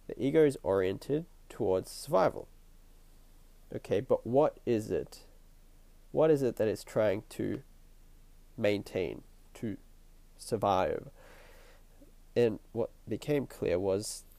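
A man hosting his own podcast with a stuffy, nasal voice and a croaky throat, musing in a reflective spiritual monologue and repeating his phrases as he thinks aloud. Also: lowish voice, mellow, dry recording. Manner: musing, repeats phrases, chuckles between thoughts. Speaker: podcast host. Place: at home at night.

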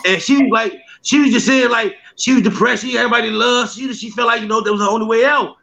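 A man guest telling stories excitedly, stammering, laughing and breaking into shouts. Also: extremely high pitch, fast, creaky. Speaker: skit creator and guest. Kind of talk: casual storytelling. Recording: slightly muffled lo-fi audio.

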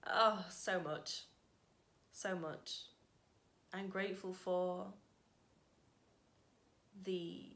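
A woman talking casually to her camera in a heartfelt vlog, thanking viewers and reflecting softly with sudden bright bursts. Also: on the low side, gravelly. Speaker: vlogger.

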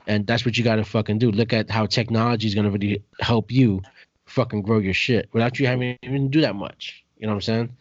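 A man's voice: mid-range voice, no room sound. Man, podcast host, laid-back, profane, dull lo-fi sound. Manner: laid-back, profane, keeps saying "you know what I'm saying". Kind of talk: casual podcast chat. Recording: dull, dry lo-fi recording.

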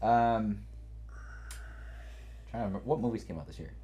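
A man with a fairly low voice co-hosts a comedy podcast, needling his partner with jokes. His talk is loose and playful, breaking into sudden loud bursts. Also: moderate pace, highs cut off. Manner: teasing, jokey, sudden loud outbursts. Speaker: podcast co-host. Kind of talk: casual comedic banter.

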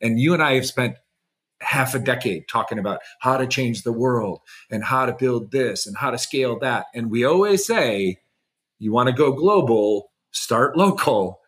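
A man co-hosting a podcast, chatting casually and warmly, with many fillers like "like". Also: medium pitch, lively intonation, normal speed. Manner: effusive, heavy use of "like", warm praise. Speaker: podcast co-host. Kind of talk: casual chat.

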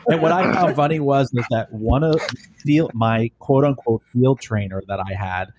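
A former police supervisor chatting casually, telling blunt, profane, rambling stories. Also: male voice, mid-range voice, normal speed, a little mellow, a little hiss or hum. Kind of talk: casual storytelling chat.

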